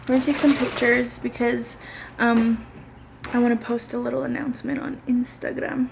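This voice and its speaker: A woman's voice: fairly high pitch, little pitch movement, normal speed, creaky, a little hiss or hum. A young woman vlogging casually to a handheld camera, chatty and joking as she walks through her day. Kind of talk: casual vlog chat. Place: outdoors by a backyard fire, then at home.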